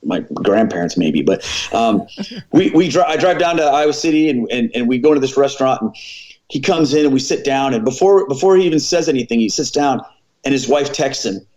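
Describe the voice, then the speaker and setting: Middle-aged man, former pastor, lively storyteller who plays out dialogue; ordinary pitch, slightly muffled sound. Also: brisk. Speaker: former pastor, podcast guest. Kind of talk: personal storytelling in a conversation.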